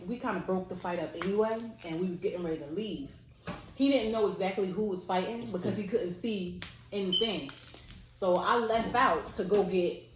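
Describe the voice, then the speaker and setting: Woman vlogger, casual storytime, lowish voice, echoey room. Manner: casual, lively storytelling with fillers. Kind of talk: storytime chat. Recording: echoey room, faint noise.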